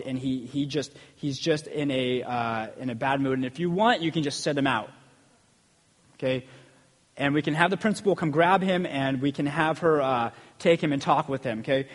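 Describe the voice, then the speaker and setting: A preacher who also works as a school PE teacher gives a loose, conversational sermon at a moderate pace in a medium-pitched voice with a big-room sound. He keeps checking in with "okay?" and gains energy as he tells his stories.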